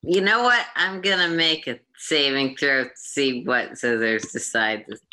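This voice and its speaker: A woman's voice: rumbling low, measured pace, bright, forceful tone. A woman playing a tabletop game, casual and wry in her talk. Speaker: player.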